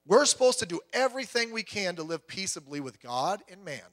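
A bright, high-pitched man in his fifties preaching in a big hall with long reverb. He tells stories with animated voices for the people in them and drops to a hush before rising loud again. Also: fairly quick. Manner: animated storytelling, acts out quoted voices, swings from loud to hushed. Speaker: pastor. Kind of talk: sermon.

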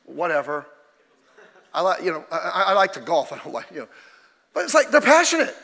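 Male pastor, high bright voice, fiery emphatic sermon, big echoing church hall. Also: huge pitch swings, brisk, gravelly. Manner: fiery, emphatic preaching with sudden shouts. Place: church sanctuary.

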